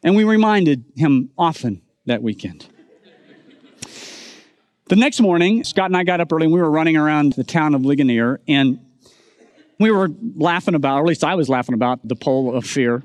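A middle-aged male pastor preaches a sermon in a storytelling manner, moving from humor to earnest appeals. His voice sits high and swings widely. The sound is dry and close. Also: animated, normal speed, a little mellow, no room sound.

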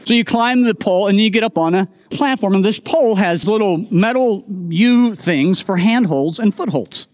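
A man's voice: high-pitched, expressive, moderate pace, hardly any pauses, darkish tone, dry recording. A middle-aged man preaching a sermon as pastor, telling a humorous story and turning it into an earnest point.

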